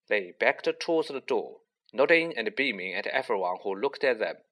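In a mid-pitched voice, this male narrator gives a storybook a steady, expressive audiobook reading.

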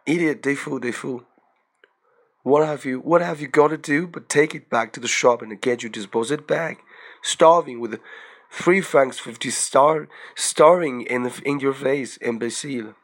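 A man reading aloud voices an excitable young peasant woman who scolds in loud, shrill outbursts. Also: unhurried. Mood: scolding.

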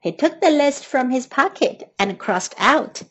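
A woman with a Mandarin Chinese accent reading a children's story aloud in two languages, slow, clear and patient. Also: high voice, expressive.

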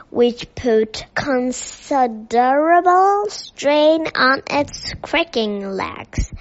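A woman whose first language is Chinese, reading a children's story aloud slowly and carefully, in a dull lo-fi recording. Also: sits high, fairly bright tone. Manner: slow, careful read-aloud.

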